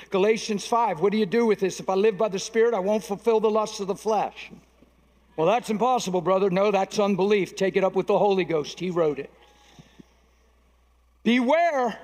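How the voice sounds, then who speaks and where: A middle-aged man preaching a sermon as a pastor, emphatic and animated, acting out dialogue from his stories. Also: high-pitched. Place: large conference hall. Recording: long reverb of a large hall.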